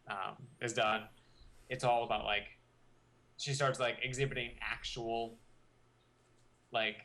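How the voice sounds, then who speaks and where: Bright-voiced man, rambling casually. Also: mid-range voice. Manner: loose, filler-heavy, lots of "like". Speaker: podcast co-host. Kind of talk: casual chat.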